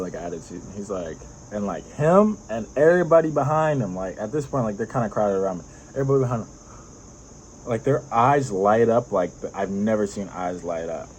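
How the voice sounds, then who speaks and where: A man's voice: low-pitched, a little mellow, slight background noise, poor audio. A young man vlogging, telling a personal story in a rambling way, full of fillers and laughs.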